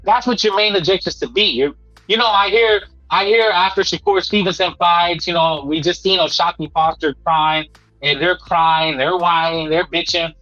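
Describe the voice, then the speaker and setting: High-voiced man ranting about boxing. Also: moderate pace, pushed and bright, lo-fi sound, soft background music. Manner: emphatic and preachy, repeats himself, peppers lines with "man". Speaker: boxing talk show host. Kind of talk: casual boxing commentary monologue.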